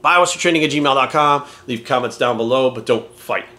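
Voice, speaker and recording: A man's voice: medium pitch, a little fast, sharp tone. A man talking as a fitness coach in a casual vlog rant, blunt and heavy on swearing and rhetorical questions.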